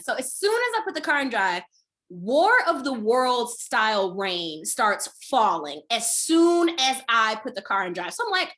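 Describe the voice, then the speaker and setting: A woman comedian tells a personal story over a video call. Her voice sits high and bright, and her pitch leaps around with dramatic comic flair. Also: normal speed. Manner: animated, dramatic comic delivery. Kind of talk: storytelling performance.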